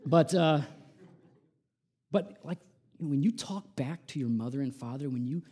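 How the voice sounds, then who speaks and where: A man preaching a sermon in a conversational way, full of rhetorical asides, dropping to hushed lines and rising to loud emphatic peaks. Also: on the high side, animated, measured pace, breathy edge. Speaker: pastor.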